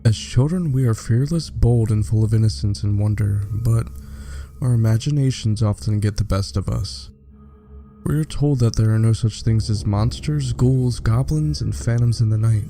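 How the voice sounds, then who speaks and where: A man reads horror stories aloud as a theatrical host, pausing for slow dramatic effect. His voice is dark and gravelly at a mid pitch. Soft music plays quietly underneath. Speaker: horror story narrator. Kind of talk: scripted narration.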